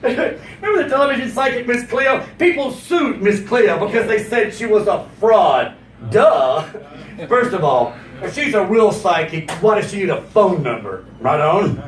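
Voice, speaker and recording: A man doing stand-up comedy, his voice pitched high and swinging widely up and down. He bounces between storytelling and over-the-top character voices. The sound is roomy and heard from some distance off. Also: moderate pace. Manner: animated, jumps into exaggerated character voices. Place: comedy stage before a live audience.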